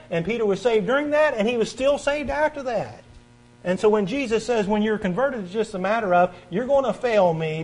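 Over a rough recording, a preacher reads passages of scripture and asks his congregation to turn their pages along with him. His delivery is emphatic, shifting from forceful, loud emphasis to hushed, earnest stretches.

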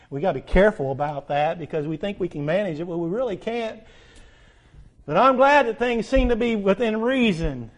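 A man preaching a sermon, swinging between loud urgent appeals and soft hushed asides, drawing out words for emphasis. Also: a little high.

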